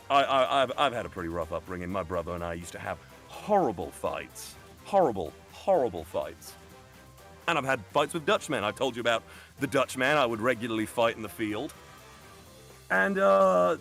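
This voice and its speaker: A man with a Birmingham accent speaks at a middling pitch in a lively storytelling voice, swearing often and acting out the people in his story. He talks over what sounds like a streaming or call mic. Faint music plays quietly behind him. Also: creaky. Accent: Birmingham English. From England. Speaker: guest telling a story. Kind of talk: animated storytelling on a live stream. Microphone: video call or streaming mic.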